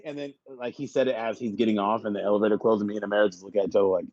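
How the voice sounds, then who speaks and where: A man co-hosting a podcast, telling animated stories in casual, profane chat. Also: fairly low pitch, racing, highs cut off. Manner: animated storytelling with laughs and profanity. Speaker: podcast co-host.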